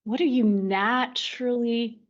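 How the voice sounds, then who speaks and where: A woman leading a meditation class, giving a gentle dharma talk and often checking in with "right?" and "okay?". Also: a little high, fairly even intonation, unhurried, highs cut off. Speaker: meditation teacher.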